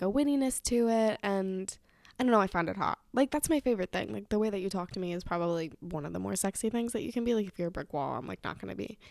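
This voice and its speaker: A woman's voice: medium pitch, creaky, dry recording, studio quality. A young woman telling a dating story in a chatty, giggly way, swearing often. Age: young adult. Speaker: vlogger. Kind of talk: casual storytelling.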